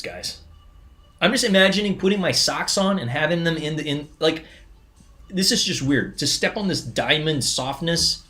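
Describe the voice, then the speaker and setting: Excitable man hosting a sneaker livestream. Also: fairly high pitch. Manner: excitable, chatty, frequent restarts and stammers. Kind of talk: casual live unboxing commentary.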